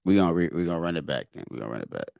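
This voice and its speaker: Deep-voiced man, exasperated reaction host. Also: sing-song, very fast, gravelly, a little mellow, no echo, studio quality. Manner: exasperated, emphatic, repeats words. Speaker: podcast host. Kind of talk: reaction commentary on a video.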